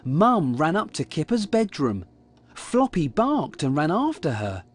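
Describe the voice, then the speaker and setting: A man reading a children's picture book aloud in a slow, lively storytelling manner. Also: a little high, breathy edge. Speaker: storybook reader.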